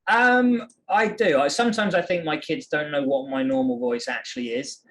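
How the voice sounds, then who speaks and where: A man's voice: high voice, expressive, moderate pace, creaky, a bit bright, a little hiss or hum. A British man co-hosting a casual Bible podcast, talking in a playful, easygoing way and reading verses aloud. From Britain. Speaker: podcast co-host, father. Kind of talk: casual chat about the Bible.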